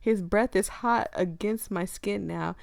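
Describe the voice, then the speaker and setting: A woman's voice: mid-range voice, unhurried, gravelly, no echo. A young woman reading a visual novel aloud with her own commentary, often breaking into giggles. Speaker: gaming video creator.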